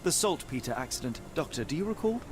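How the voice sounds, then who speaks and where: A cool, rational Victorian detective. He speaks crisply and dismissively, and his pitch sits a little high and moves a lot. Steady street and traffic noise runs under the game audio. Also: fast. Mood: coolly rational. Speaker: game character.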